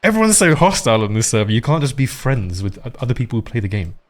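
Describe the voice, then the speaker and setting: A man's voice: mid-range voice, very animated, fast talker. A man streaming a game live, chatting casually and rambling, with frequent swearing.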